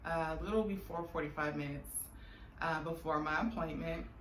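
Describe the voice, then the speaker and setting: A young woman tells her own story to the camera in a candid, heartfelt vlog. Her voice sits a little low, and she laughs and uses fillers as she goes. The room is echoey, with a faint hum of noise behind her. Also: fairly bright tone. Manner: candid, emotional, laughs often, many fillers. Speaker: vlogger.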